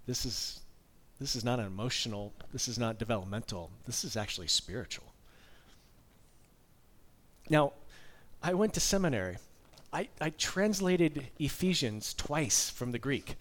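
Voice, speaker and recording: A middle-aged man in his fifties delivering a sermon at an ordinary pitch. He talks like he is chatting with the congregation, mixing candid personal storytelling with casual asides. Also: animated, moderate pace. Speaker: preacher.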